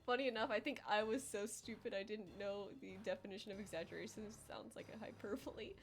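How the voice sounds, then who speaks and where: A woman's voice: medium pitch, quick pace, slight background noise. Rambling young woman streamer, self-deprecating. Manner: rambling and self-deprecating, heavy filler words; acts out quoted voices in exaggerated tones. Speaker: livestreamer. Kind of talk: casual chat while drawing on stream.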